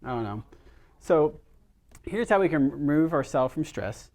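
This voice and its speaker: A man's voice: on the high side, lively intonation, measured pace, a little mellow. A middle-aged man, a chiropractor, giving a casual workshop talk to a small group, telling stories and asking the audience questions. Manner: chatty, storytelling, asks the audience questions.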